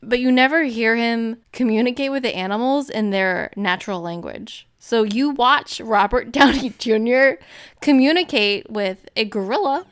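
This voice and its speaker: Woman, American accent, podcast co-host, casual blunt chat, smooth clear voice. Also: on the high side, normal speed, a bit bright. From United States. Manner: blunt, chatty, swears freely. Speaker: podcast co-host reviewing films.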